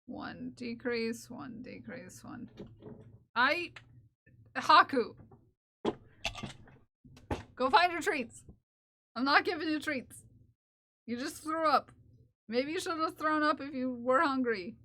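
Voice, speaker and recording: A woman's voice: high voice, takes it slowly, pauses often, sharp tone, a little hiss or hum. A woman streaming live while knitting, chatting casually and playfully with her viewers and her cat, laughing often.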